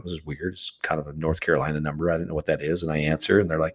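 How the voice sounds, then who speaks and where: A man telling a story as a guest in an interview, acting out the quoted exchanges with animated voices. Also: rumbling low, quick pace, hardly any pauses. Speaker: charity founder, guest.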